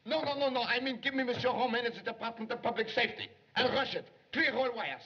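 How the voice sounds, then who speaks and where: An actor playing an excitable young male police secretary who longs to be a detective, in 1930s film acting, jumpy and pleading. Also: on the high side, normal speed, slightly rough. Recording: dull 1930s film soundtrack.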